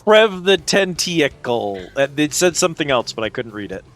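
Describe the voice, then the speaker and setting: A man's voice: on the high side, big pitch swings, moderate pace, a bit bright, slight background noise. A man giving sarcastic, joking commentary while he streams a game, swearing freely. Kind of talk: casual gameplay commentary.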